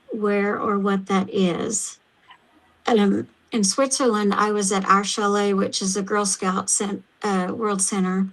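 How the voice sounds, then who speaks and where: A woman with an Oklahoma accent, hosting a casual chat and talking haltingly with many pauses and fillers. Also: medium pitch, low-quality recording. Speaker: host.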